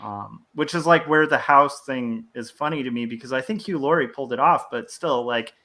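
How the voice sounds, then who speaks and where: A man's voice: mid-range voice, moderate pace, bright, forceful tone. A man in a casual group chat, musing with lots of fillers.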